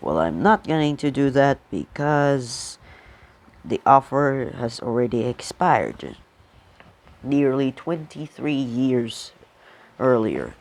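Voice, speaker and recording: Man, comic book read-aloud, gravelly, slow, dry offhand asides. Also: mid-range voice, big pitch swings. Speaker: reader.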